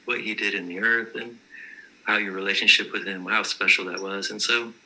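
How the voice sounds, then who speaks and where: Bright, flat-toned man telling stories. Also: fairly low pitch, normal speed, low-quality recording. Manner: earnest, matter-of-fact retelling of visions. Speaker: guest telling his vision stories. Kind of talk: casual personal storytelling.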